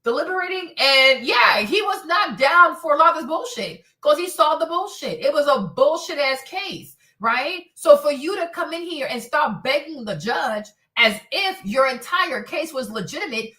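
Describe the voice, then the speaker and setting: Woman host, heated streaming rant, high bright voice, lots of swearing and repetition. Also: animated, moderate pace, hardly any pauses. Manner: indignant, swears a lot, repeats phrases. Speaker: host of a streaming commentary show. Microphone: streaming setup mic.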